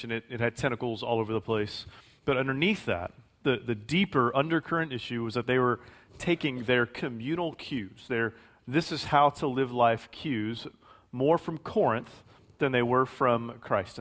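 A man's voice: medium pitch, fairly bright tone. Forty-ish guy pastor giving a sermon, mid-range voice, talks loose and conversational, restarts words a lot. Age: 40s. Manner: conversational, repeats words and self-corrects, varies volume for emphasis.

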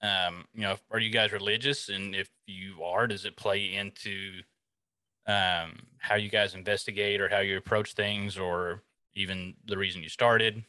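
A man's voice: sits low, steady tone, a little slow, sharp tone, no echo, rough recording. A man hosting a casual chat, jokey and asking the guests questions. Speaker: podcast host.

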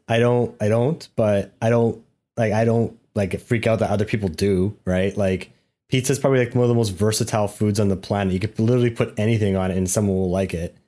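A man in casual chat, halting and repeating words as he starts his sentences. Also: on the low side, fairly even intonation, dark tone. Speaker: podcast co-host.

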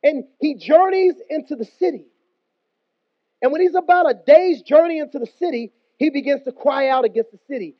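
Preacher guy with a really high voice, emphatic casual sermon, kinda muffled dry sound. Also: lively intonation, brisk, dry recording. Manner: emphatic and conversational, slangy asides. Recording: dull, dry close recording.

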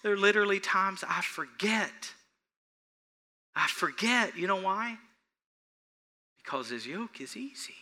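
A male pastor with a medium-pitched voice preaches an earnest, animated sermon in a church, repeating phrases for emphasis and chuckling between points.

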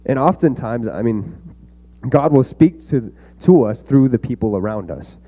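A man's voice: medium pitch, animated, moderate pace, mellow. A young man giving an earnest, conversational youth sermon to a room of kids. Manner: earnest, conversational preaching with fillers. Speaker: youth pastor.

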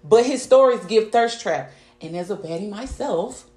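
A woman's voice: medium pitch, animated, normal speed, a little mellow, roomy sound. A woman hosting a podcast in casual chat, blunt, teasing and full of profanity. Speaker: podcast host.

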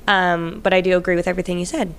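A woman's voice: lowish voice, flat delivery, rapid-fire, a bit bright, clear, resonant tone. A woman co-hosting a casual chat, gushing and searching for words.

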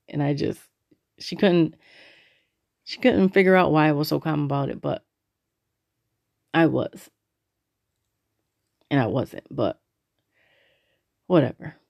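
A woman's voice: low voice, normal speed, vocal fry, long pauses, darkish tone, no echo, studio quality. A woman hosting her own podcast, telling a personal story in a laid-back, rambling, conversational way. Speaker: podcast host.

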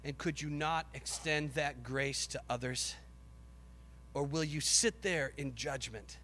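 A man preaching a sermon with passion, rising to shouts and acting out the voices of biblical figures. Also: on the high side, measured pace, long reverb tail, a little hiss or hum.

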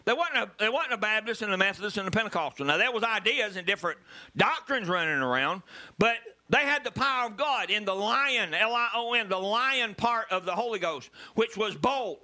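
A man preaching a sermon as pastor, animated and bursting into loud emphasis. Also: sits high, a little fast.

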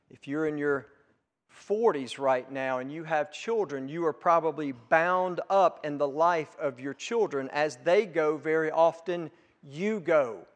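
High-voiced pastor preaching in a reverberant church. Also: male voice. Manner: emphatic, swells loud on key words then drops low. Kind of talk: sermon. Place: church sanctuary. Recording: long reverb of a church hall.

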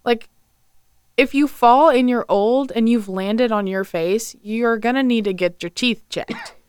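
A woman co-hosting a casual podcast, pushing back on her partner's points in quick bursts. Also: on the high side, clear, resonant tone, dry recording, clean studio sound. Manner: defensive, laughs easily, talks in quick bursts. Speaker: podcast co-host. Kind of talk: casual chat.

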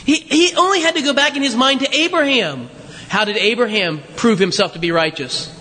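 A man's voice: very high voice, a little fast, sharp tone. A man preaching a sermon in a conversational way, full of rhetorical questions and asides to the congregation. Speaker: pastor. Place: church sanctuary. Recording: long reverb of a large hall.

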